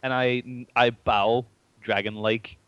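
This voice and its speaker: A man's voice: mid-range voice, level tone, takes it slowly, muffled recording, noisy background. A man casually playing a dragon character in a tabletop game, playful and laid-back. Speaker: player. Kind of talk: casual tabletop role-play.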